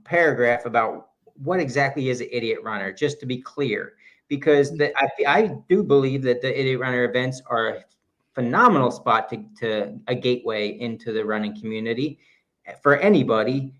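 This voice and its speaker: A man co-hosting a casual podcast in a voice of ordinary middle pitch. He talks in halting bursts with frequent restarts, and slips into a steadier reading tone when going through prepared text. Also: fairly bright tone. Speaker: podcast co-host.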